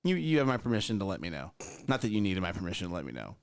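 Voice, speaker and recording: A man in his thirties telling a parenting story on a morning show. His pitch swings up and down as he talks, and he restarts his sentences often. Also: very fast, gravelly. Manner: animated storyteller with frequent restarts.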